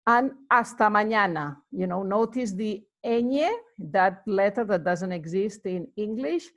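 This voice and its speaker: A woman's voice: medium pitch, measured pace. A woman giving a casual, rambling lesson, full of fillers as she explains greetings. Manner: chatty and rambling, many fillers. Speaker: Spanish teacher.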